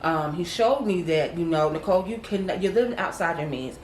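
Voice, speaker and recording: Casting note: lower-voiced woman, earnest storyteller, echoey room with a faint hiss. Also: brisk. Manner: earnest storytelling, acts out quoted voices, addresses viewers as y'all. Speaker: co-host. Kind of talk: casual testimony chat.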